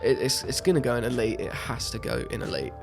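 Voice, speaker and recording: A young man talks through a music review in a loose, eager way, doubling up words when he likes something. His voice has a gravelly fry at a middle pitch. Faint music plays behind him. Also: fast. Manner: enthusiastic, repeats words for emphasis. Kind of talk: casual music review monologue.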